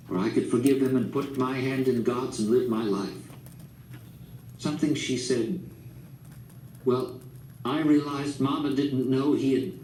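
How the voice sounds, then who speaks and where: A man narrating a novel in a calm, measured storytelling manner. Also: medium pitch. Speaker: audiobook narrator. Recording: roomy, distant mic, faint background noise.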